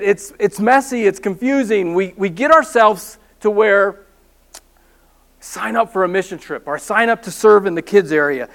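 A man preaching a sermon as pastor, telling a personal story with animated, self-mocking humor. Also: sits high, moderate pace.

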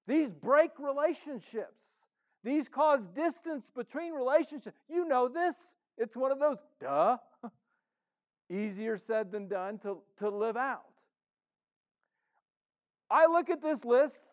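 A man preaching with a fairly high voice. He talks to the congregation like a friend, playfully voicing their excuses. He swings between loud, pushed emphasis and quiet, low asides. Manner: conversational, playful, acts out the congregation's inner voice. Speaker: pastor. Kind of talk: sermon.

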